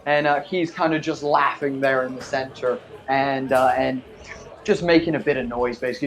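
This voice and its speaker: A man's voice: mid-range voice, steady tone, moderate pace, soft background music. A man running a tabletop game as game master, describing scenes with many fillers. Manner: rambling, filler-heavy description.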